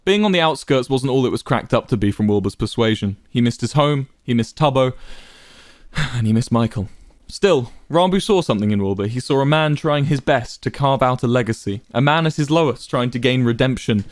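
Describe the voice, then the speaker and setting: Expressive male storyteller, dry sound. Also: medium pitch, brisk, dry recording. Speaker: narrator. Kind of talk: dramatic fan fiction reading.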